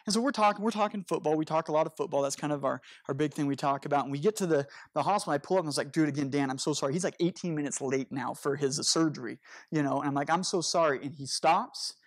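A man's voice: on the high side, dry recording, clean studio sound. A man preaching as a pastor in an earnest, conversational storytelling sermon, speaking to a congregation from a church stage. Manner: earnest, animated storytelling with rushed bursts.

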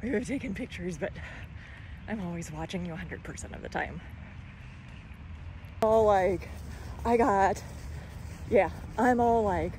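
A woman's voice: medium pitch, measured pace, pauses often, mellow, a little hiss or hum. A woman vlogging outdoors in a park, chatting to her pet cockatoo in cooing, sing-song baby talk, recorded on a handheld phone. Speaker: vlogger and bird owner. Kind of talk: casual chat to her pet.

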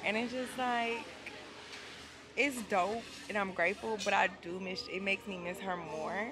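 A woman vlogging on a beach, talking casually to her viewers, loud and excitable, then tearful and grateful. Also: medium pitch, measured pace, over music. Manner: loud, excited, emotional, Southern US slang. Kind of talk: casual vlog talk to camera. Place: outdoors on a beach.

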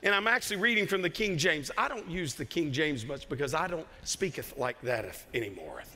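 A pastor with a Southern US accent preaches with passion, breaking into jokes and sudden raised lines. His voice sits high and rings very bright and sharp. A long reverb trails each phrase through the church hall. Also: brisk. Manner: impassioned, joking asides, bursts of raised voice. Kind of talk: sermon. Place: church sanctuary.

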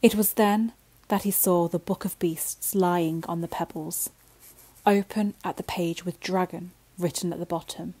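A woman telling a bedtime story in a gentle, slow way that sometimes drops to a whisper. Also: lowish voice, fairly even intonation, rough recording.

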